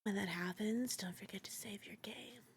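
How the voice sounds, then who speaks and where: Monika, a hushed calm schoolgirl, as a woman reads her aloud. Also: mid-range voice, vocal fry, a little hiss or hum. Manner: hushed, slow, half-whispered delivery. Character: soft-spoken teen girl club president, calm. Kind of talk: reading game dialogue aloud.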